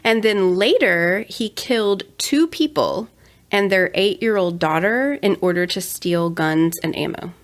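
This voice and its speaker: A woman's voice: mid-range voice, lively intonation, unhurried. A young adult woman co-hosting a casual true-crime podcast, chatty with sarcastic asides. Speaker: podcast co-host.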